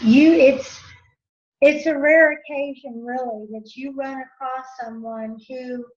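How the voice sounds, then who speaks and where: A woman in a casual group discussion, telling a work story and acting out her coworkers' lines. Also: on the high side. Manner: storytelling, acts out coworkers' voices. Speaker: discussion participant. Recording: dull, roomy sound.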